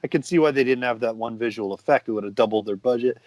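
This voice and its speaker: Male podcast co-host, middle pitch, chatty and quick to laugh, dry sound. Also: a little mellow, dry recording. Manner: laughs often, reads out quotes. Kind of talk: casual movie review chat.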